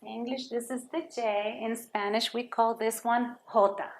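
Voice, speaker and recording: A woman's voice: a little high, fairly even intonation, normal speed, echoey room, a little hiss or hum. A woman teaching a Spanish lesson to children, patiently sounding out words and repeating them for students to copy.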